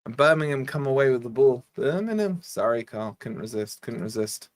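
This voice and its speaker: A man's voice: mid-range voice, fairly even intonation, fairly quick, a little mellow. Scottish-born man doing live football commentary. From Scotland. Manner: casual play-by-play, bantering with live chat. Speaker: fan channel host.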